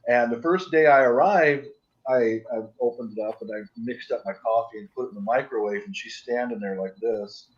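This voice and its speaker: A man's voice: mid-range voice, moderate pace. A man chatting casually on a livestream, telling stories in a stop-start, rambling way. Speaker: livestream guest. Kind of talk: casual chat. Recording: dull lo-fi audio.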